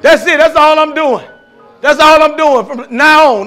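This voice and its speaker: A man preaching a fervent testimony sermon at a church service, repeating phrases and rising into shouts. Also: very high voice, unhurried, soft background music. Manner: repetitive call-and-response preaching, rising to shouts.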